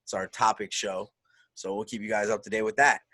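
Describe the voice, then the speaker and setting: A man's voice: lowish voice, steady tone, a little fast, bright, forceful tone, no echo. A man co-hosting a wrestling podcast in casual chat, enthusiastic and peppering his talk with "man" and "dude". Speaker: podcast co-host.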